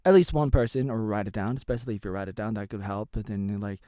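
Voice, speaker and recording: A man in his thirties from Oregon hosting a rambling solo vlog, jumping between wild shouted bursts and low mumbled asides. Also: quick pace, no room sound. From Oregon, United States. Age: 30s. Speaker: vlogger host.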